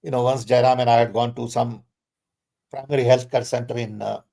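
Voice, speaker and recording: An older man, speaking as a guest in a conversational Q&A. He talks emphatically and insistently, stressing points with sudden jumps in pitch. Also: steady tone, a little fast, vocal fry, warm tone.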